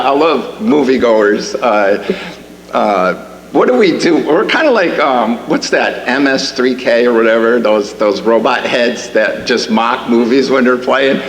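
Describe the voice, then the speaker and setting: A man's voice: medium pitch, a bit bright. A man preaching in a church, talking like a conversation and climbing to emphatic questions. His voice rings through a long, echoey hall with a faint hum behind it. He often restarts his sentences as he works through a point. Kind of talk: sermon. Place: church sanctuary.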